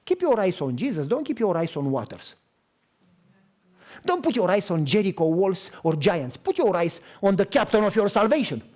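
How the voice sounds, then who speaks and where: Brief: high-voiced, lively man preaching a story sermon. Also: normal speed. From Romania. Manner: animated, acts out dialogue. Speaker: pastor.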